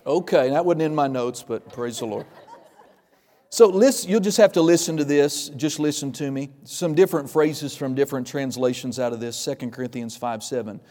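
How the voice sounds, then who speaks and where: A pastor preaching a sermon, telling stories and acting out the voices of the people in them, with emphatic delivery. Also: male voice, mid-range voice, moderate pace, dark tone, long reverb tail. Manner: storytelling, acts out quoted voices, emphatic.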